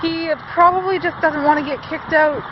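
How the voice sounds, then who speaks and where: A woman's voice: sits high, steady tone, moderate pace, background noise, lightly acted. A woman playing an earnest young male teacher and pilot's fiance, talking wistfully to his absent partner in a cosplay vlog. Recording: dull lo-fi camera audio.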